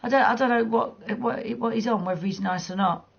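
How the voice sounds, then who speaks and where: A woman chats and teases her viewers while gaming, blunt and quick to swear. Her voice is husky and breathy, with a gravelly edge. The sound is dull and lo-fi, like a cheap stream mic. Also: a little high. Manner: blunt, teasing, swears freely, laughs often. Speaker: livestreamer. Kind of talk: casual chat while gaming.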